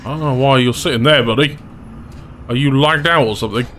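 A young man giving gameplay commentary, excitable and breaking into loud laughing fits. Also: mid-range voice, fairly quick, soft background music. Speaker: gaming YouTuber.

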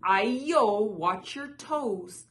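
A woman voicing a cheeky, excitable runaway rice cake that calls out in shrill, taunting cries. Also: extremely slow, a little hiss or hum, exaggerated voice.

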